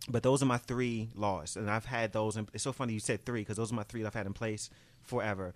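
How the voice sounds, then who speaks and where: A man's voice: lowish voice, fairly even intonation, quick pace, dry recording. A man in his thirties hosting a podcast, chatting candidly and laughing often, with plenty of fillers. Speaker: podcast host. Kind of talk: casual chat.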